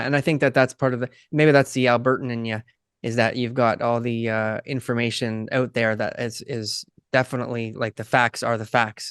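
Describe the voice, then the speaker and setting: A man's voice: mid-range voice, a bit bright, clean tone, no echo, clean studio sound. A man co-hosting a casual podcast, asking questions in a hesitant way with many fillers. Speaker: podcast co-host.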